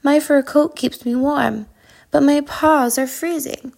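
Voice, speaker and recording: A cheerful, friendly male otter from a storybook, as a woman puts him on. He chirps along in a raised, bouncy voice with a slight rasp underneath. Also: high-pitched, fairly even intonation, takes it slowly, a little mellow, voice pushed up, exaggerated voice. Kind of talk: storybook reading.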